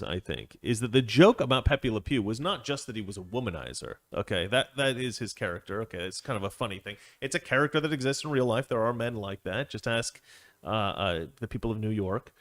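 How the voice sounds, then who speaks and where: A man hosts an opinion commentary with a sarcastic, rambling delivery, stopping often to laugh. His voice sits at an ordinary middle pitch. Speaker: commentary host.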